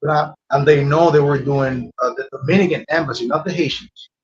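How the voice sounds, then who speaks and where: A man answers questions on a podcast, hesitant and repeating his words as he searches for what to say. His voice is a little high for a man. The recording sounds dull and lo-fi. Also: fairly even intonation, a little fast. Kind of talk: casual podcast chat.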